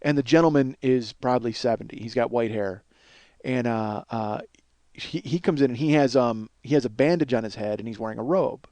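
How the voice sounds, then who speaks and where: A man hosting a comedy podcast, telling a rambling story in an animated way, swearing and laughing often. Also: medium pitch, brisk, dry recording. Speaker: podcast host.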